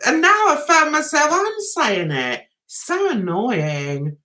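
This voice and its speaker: A woman's voice: high-pitched, big pitch swings, slow, bright, forceful tone. A woman with a London accent hosting a casual livestream, rambling and chatty with viewers, laughing and singing snatches of songs. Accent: London English. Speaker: livestream host.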